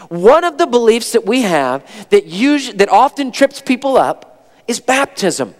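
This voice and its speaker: A man preaching a sermon as pastor, with an energetic, folksy delivery and quick asides to the congregation. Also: high-pitched. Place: church sanctuary. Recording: long reverb of a church sanctuary.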